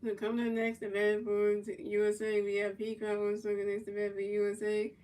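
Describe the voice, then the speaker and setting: A woman's voice: mid-range voice, completely flat delivery, a little fast, mellow. A woman giving casual, stumbling play-by-play of a video game, repeating herself and dropping slang and swear words. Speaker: gaming channel commentator. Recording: voice picked up from a distance.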